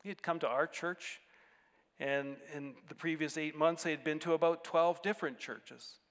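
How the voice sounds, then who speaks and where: A man preaching a sermon as pastor of a church, earnest, swinging between emphatic rises and quiet drops. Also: on the high side, fairly even intonation, normal speed, big-room sound.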